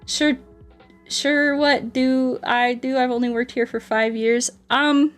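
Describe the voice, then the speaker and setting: A woman's voice: sits high, steady tone, slow. A woman streamer and ASMR artist chatting casually with her viewers, playful and self-joking, with faint game music behind her. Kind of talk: casual livestream chat with viewers.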